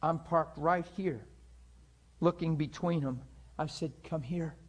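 A man's voice: fairly high pitch, takes it slowly. Emotional storytelling male pastor. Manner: emotional, acts out both sides of a story. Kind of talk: sermon storytelling.

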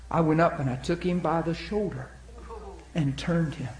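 A man preaches with animated storytelling in a fairly high voice, swinging between loud and hushed. His voice echoes in the room, with faint noise behind it. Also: moderate pace, long pauses. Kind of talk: sermon testimony storytelling.

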